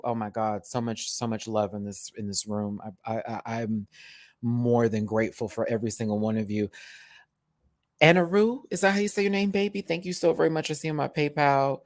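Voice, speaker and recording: Chatty southern guy on a livestream, animated, calls everyone baby, dry room. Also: medium pitch, moderate pace, no room sound. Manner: animated, chatty, drawls terms of endearment. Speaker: YouTube host. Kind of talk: casual livestream chat. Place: hotel room.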